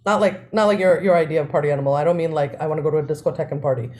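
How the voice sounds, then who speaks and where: A woman, co-hosting a podcast and telling family stories in a lively way, often laughing. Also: deep voice, racing. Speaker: podcast co-host. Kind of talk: casual storytelling.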